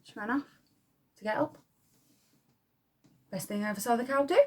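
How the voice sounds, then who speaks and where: A woman's voice: fairly high pitch, normal speed, slight background noise, natural voice. Woman acting as a cussing yorkshire munitions girl, blunt and scornful, proper stage monologue. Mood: defiant. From Yorkshire, England. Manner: coarse, swears freely, scornful. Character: blunt, defiant young wartime munitions girl. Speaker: munitions factory worker. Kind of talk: dramatic monologue.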